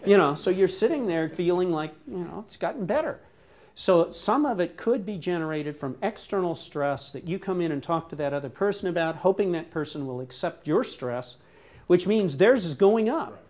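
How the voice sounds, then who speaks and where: A man's voice: sits high, moderate pace. A man giving a seminar talk as a visiting professor, talking casually and freely, swearing and acting out heated exchanges. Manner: animated, acts out quarrels with sudden loud outbursts. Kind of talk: academic seminar discussion.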